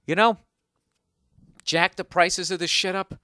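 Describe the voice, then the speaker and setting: A man's voice: high-pitched, steady tone, measured pace, bright, forceful tone, no room sound, studio quality. A man hosting a comedy podcast from a hotel room on a single microphone, ranting sarcastically and swearing freely. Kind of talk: casual comedic rant. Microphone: single microphone, no headphones.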